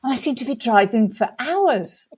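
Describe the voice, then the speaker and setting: An English woman, a podcast guest, telling stories in a casual, animated way, laughing often and poking fun at herself. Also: a little high, normal speed, husky. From England. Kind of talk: casual storytelling.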